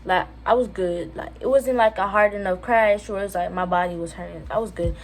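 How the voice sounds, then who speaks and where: A woman's voice: medium pitch, brisk. A teenage girl from Jamaica telling a casual storytime on her channel, chatty with lots of fillers. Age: teens. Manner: chatty, lots of fillers, quotes others in lively voices. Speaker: vlogger. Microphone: phone camera.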